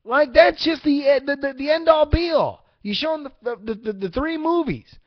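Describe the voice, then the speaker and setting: A young man hosting a casual live-streamed podcast, answering chat with rambling, profane, excitable rants. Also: extremely high pitch, moderate pace, dry recording, lo-fi sound. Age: young adult. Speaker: podcast host.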